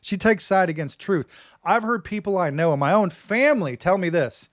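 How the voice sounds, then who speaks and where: A man's voice: high-pitched, lively intonation, normal speed, no echo, clean studio sound. A man teaching from the Bible on his live stream in a casual, folksy way, often saying "man" and "dude".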